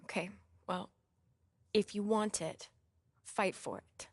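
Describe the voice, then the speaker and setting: An actress playing an earnest young woman who pleads with her partner to fight for his career, in a firm, husky voice. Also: medium pitch, slow pace, no room sound. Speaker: the player's partner in a story cutscene.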